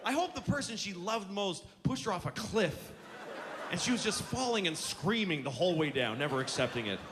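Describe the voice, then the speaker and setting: A man's voice: high voice, animated, a little fast, background noise. A male stand-up comedian delivering a profane, sarcastic rant that builds into mock outrage, recorded live at a show. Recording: live club with audience laughter. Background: audience laughing.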